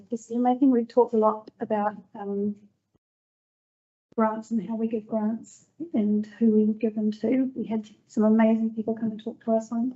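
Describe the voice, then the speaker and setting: A woman giving an upbeat, conversational community board update at a council meeting. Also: mid-range voice. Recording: dull lo-fi meeting recording.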